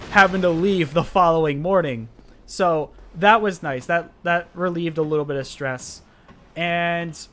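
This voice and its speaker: Young man, casual storytelling, rambling, filler words, slightly high voice, faint background noise. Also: a bit bright. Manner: rambling, filler-heavy, gets heated and indignant. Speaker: vlogger telling a story.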